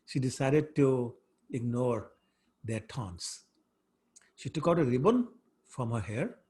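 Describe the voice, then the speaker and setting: A man's voice: medium pitch, takes it slowly. Man retelling a sacred story. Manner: lively, conversational, asides to listeners. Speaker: scripture class speaker. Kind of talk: storytelling lecture.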